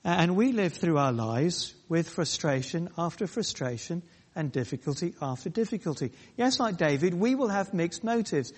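A male preacher delivers a sermon with a somewhat high voice. He talks in short, emphatic phrases and often repeats himself for weight. His voice rings with a long reverb, as if recorded in a large church hall. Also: expressive, slightly rough. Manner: emphatic, repetitive, pausing phrases.

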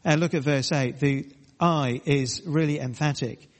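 A man preaching a sermon, emphatic and repetitive, speaking in short, pausing phrases. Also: a little high, big-room sound.

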